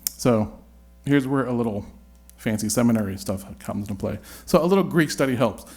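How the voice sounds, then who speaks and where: A man's voice: medium pitch, normal speed, darkish tone. A man leading a Bible study, talking it through in a searching, conversational way with frequent restarts.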